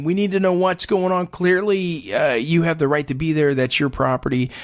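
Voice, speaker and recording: Gravelly-voiced American man hosting a paranormal show. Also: fairly high pitch, no room sound. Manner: animated and rambling, with frequent fillers. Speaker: podcast host. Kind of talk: casual monologue.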